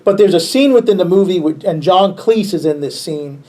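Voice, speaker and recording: A man, a pastor, teaching a Bible class in a relaxed, conversational way, chuckling often and restarting his sentences. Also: high-pitched, moderate pace.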